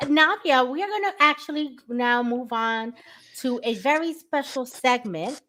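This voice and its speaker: High-voiced lady podcast host, super animated, keeps calling out to folks. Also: a little slow, slight background noise. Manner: animated, exclaiming, playful appeals. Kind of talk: casual chat.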